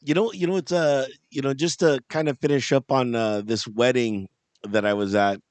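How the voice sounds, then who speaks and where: A man's voice: mid-range voice, steady tone, normal speed, dry recording. A man co-hosting a podcast, telling a rambling story in casual chat and laughing often. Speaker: podcast co-host.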